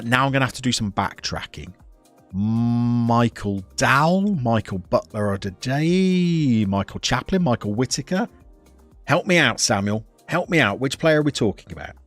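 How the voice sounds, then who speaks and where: A man's voice: mid-range voice, dry recording. A man giving chatty, playful live commentary on a football management game as he streams it, talking to the players and to his chat.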